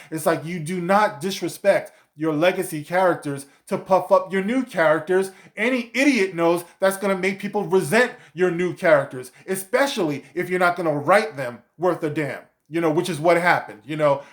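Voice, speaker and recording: A man giving a profane, sarcastic rant as a video commentator, with many fillers like "you know". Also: fairly high pitch. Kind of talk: ranting commentary vlog.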